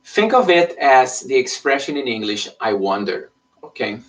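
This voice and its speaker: A man's voice: mid-range voice, big pitch swings, normal speed, a bit bright. A man teaching an online Spanish lesson in English, explaining patiently and checking in with frequent "okay?". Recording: voice somewhat far from the mic.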